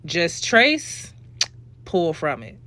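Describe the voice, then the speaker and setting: A woman's voice: on the low side, wildly swooping pitch, extremely slow, bright, forceful tone. A young woman talking viewers through a makeup tutorial in a sassy, chatty voice-over. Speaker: beauty vlogger.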